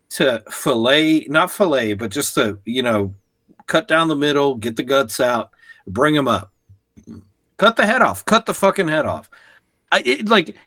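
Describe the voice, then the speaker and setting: Husky-voiced man in lively casual chat. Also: a little high. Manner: animated, profane, acts out quotes with shouts.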